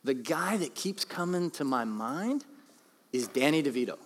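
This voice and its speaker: A man's voice: medium pitch, lively intonation, moderate pace, slight background noise. A middle-aged man giving a sermon as pastor, conversational and joking. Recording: long hall reverb.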